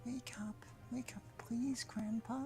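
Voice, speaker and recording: A woman voicing a grieving young granddaughter who pleads in a breathy, half-whispered voice. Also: high voice, takes it slowly, darkish tone, soft background music, heavily acted. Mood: pleading.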